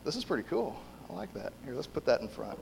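A man preaching as a pastor in a church, relaxed and joking, with frequent fillers. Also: mid-range voice, quick pace, creaky, noisy background. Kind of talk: casual sermon with prayer. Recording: long church hall reverb.

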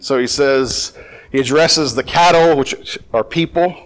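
A man's voice: medium pitch, a little slow, poor audio. A man teaching through a Bible passage verse by verse, reading the old text aloud and then explaining it in everyday words, often restarting his sentences. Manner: conversational, with frequent restarts and filler; reads scripture aloud and then explains it plainly.

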